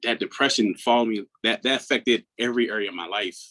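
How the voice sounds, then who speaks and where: A man in his thirties from Maryland, a guest on an interview who speaks earnestly and reflectively, often dropping into a hushed tone. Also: on the low side, quick pace, low-quality recording. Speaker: guest, mental health coach. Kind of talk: personal storytelling in an interview.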